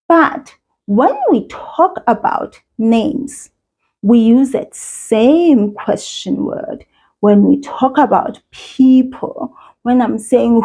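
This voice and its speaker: A woman's voice: fairly high pitch, warm tone, poor audio. A woman with a South African accent teaching a beginner language lesson for children, speaking in a patient, encouraging way.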